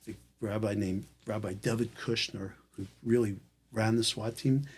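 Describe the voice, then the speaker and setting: Husky low-voiced man telling a story. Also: normal speed. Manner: animated storyteller acting out quoted dialogue. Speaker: guest. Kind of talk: casual storytelling.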